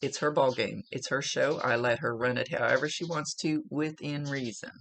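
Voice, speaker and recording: A woman's voice: a bass voice, steady tone, normal speed, a little hiss or hum. A woman working as a psychic medium, talking through a spiritual reading in a rambling, casual way, often searching for words.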